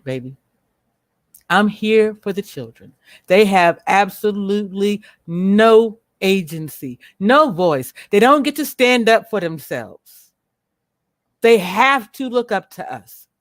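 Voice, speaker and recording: A woman hosting a livestream, speaking bluntly and with profanity as she rants at viewers, slowing down to stress her words. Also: medium pitch, lively intonation, dry recording, clean studio sound. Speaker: livestream host. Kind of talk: unscripted livestream commentary.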